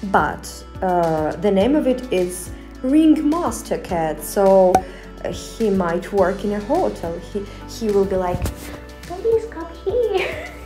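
Giggly young woman with lively pitch. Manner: giggly, laughs often, playful put-on voices. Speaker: vlogger reviewing cat costumes. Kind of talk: casual reaction commentary.

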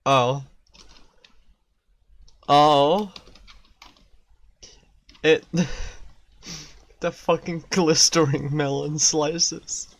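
A man with a somewhat high voice talks through his gameplay at an unhurried, drawn-out pace. He is excitable and profane, jumping from sudden loud yelps to low muttering to himself. The delivery is casual and loose, like a streamer chatting while he plays. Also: no echo.

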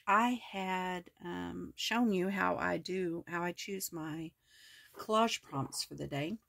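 A woman host walking through her collage journal in a casual, rambling way, hoarse with her voice cracking, full of ums and self-corrections. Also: on the low side, slow, fairly bright tone, dry recording. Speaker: crafting video host. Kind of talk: casual crafting walkthrough.

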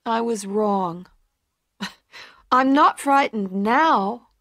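A woman voicing a shy, earnest young woman in a storybook reading, speaking softly and sincerely. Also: on the high side, animated, very slow, no room sound, studio quality, exaggerated voice.

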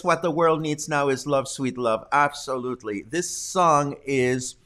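A man hosts a casual news livestream at a middle pitch. He chats warmly with viewers and is prone to fits of laughter as he reads their comments. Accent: Mexican. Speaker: host.

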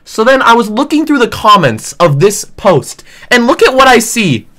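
A man's voice: very high voice, moderate pace. A young man, a gaming streamer, ranting in a casual, jokey, exaggerated way, full of "like" and "dude". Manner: animated, exaggerated, jokey, many fillers like "like" and "dude". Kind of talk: casual comedic rant.

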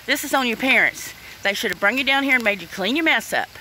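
A middle-aged woman rants to her viewers while standing outdoors in the rain. Her voice is bright and sharp, and she swears bluntly, calling people "honey" and "y'all." Faint outdoor noise runs underneath. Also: a little high, lively intonation, quick pace, low-quality recording. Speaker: vlogger. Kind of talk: casual vlog rant.

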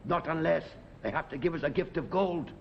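A gravelly old Irish tramp. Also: male voice, fairly high pitch, fairly quick, music in the background. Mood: jovial. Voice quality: gravelly, sing-song storytelling. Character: jovial old Irish tramp, chatty, believes in fairies. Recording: dull 1970s TV sound with faint noise.

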